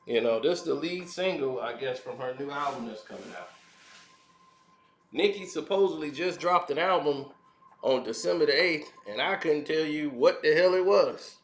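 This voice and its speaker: A man's voice: a little high, expressive, normal speed, roomy sound. A man hosting casual opinion commentary, laughing often and making mocking asides. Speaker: commentary channel host.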